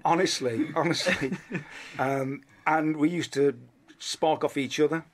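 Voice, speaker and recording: A man's voice: on the high side, a little slow. A middle-aged man with a Black Country accent, a comedian chatting as a radio guest, telling rambling, self-deprecating stories full of restarts. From Black Country, England. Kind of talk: casual interview chat.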